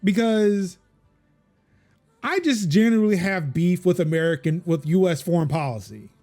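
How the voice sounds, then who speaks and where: Man, podcast host, casual tech talk, slightly high voice, lots of ums and restarts, faint music underneath. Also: animated, normal speed, darkish tone. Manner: rambling, many fillers and restarts.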